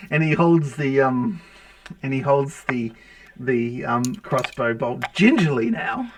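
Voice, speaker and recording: A man narrating as the game master of a tabletop game, halting, with many fillers and restarts. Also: mid-range voice, lively intonation, slight background noise, poor audio.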